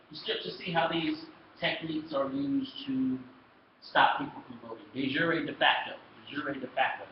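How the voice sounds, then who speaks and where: A man giving a history lecture to a class, lively and storytelling, acting out the people in his stories. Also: on the high side, recorded from a distance. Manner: lively storytelling, acts out quoted exchanges. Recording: echoey classroom recorded from afar, dull and noisy.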